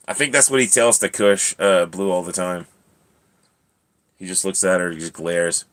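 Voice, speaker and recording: A man hosting a casual vlog, relaxed, laughing often and talking to his cats. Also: sits low, normal speed, pauses often. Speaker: channel host.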